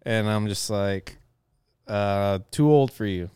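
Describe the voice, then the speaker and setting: A man in his thirties hosting a live chat, telling stories in a profane, animated way with frequent laughs. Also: fairly low pitch, slow, clean tone, no room sound, clean studio sound. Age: 30s. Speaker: podcast host. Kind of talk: casual chat.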